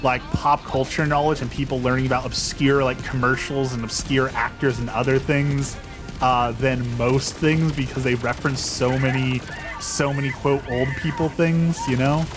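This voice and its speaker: A man's voice: mid-range voice, fairly even intonation, normal speed, music in the background. Rambling young man chatting while gaming. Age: young adult. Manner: rambling, self-deprecating, frequent restarts. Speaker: streamer. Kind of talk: casual gameplay chat.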